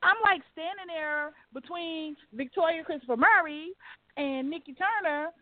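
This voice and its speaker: A woman's voice: extremely high pitch, moderate pace, no echo. A woman author telling a story in a casual interview, acting out both sides of conversations in quoted voices. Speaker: guest author. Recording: phone-like dry sound.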